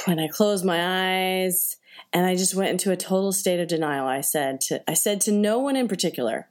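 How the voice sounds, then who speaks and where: A woman telling a personal story in a chatty, animated way, acting out voices and reactions, with many fillers. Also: lowish voice, moderate pace. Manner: conversational, many fillers like "like" and "right?". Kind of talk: personal anecdote told to an audience.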